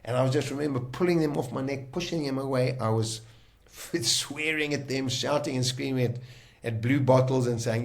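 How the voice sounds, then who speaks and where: A man telling his own survival story in casual talk, vivid and emotional, often pausing and restarting. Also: mid-range voice, vocal fry.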